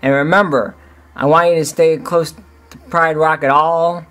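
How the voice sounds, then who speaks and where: A man's voice: a little high, steady tone, measured pace, a bit bright, pitched above the performer's own voice. A man doing a fatherly lion king. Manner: earnest, fatherly.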